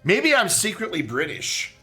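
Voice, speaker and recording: A man streaming a game, chatting casually and joking in a rambling, animated way. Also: high voice, unhurried, husky, soft background music. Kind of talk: casual chat while playing a game.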